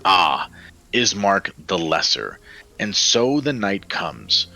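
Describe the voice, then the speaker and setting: Guy doing a bitter snarly mob leader, low voice, bright edge. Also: sing-song, slow, gravelly, soft background music, exaggerated voice, poor audio. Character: scarred angry male mob ringleader with hounds.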